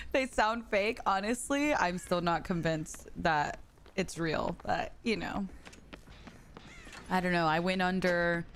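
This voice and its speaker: A woman's voice: fairly low pitch, slow pace, fairly bright tone, slight background noise. A young woman streaming a game, chatting casually and reading messages from her chat with frequent giggles.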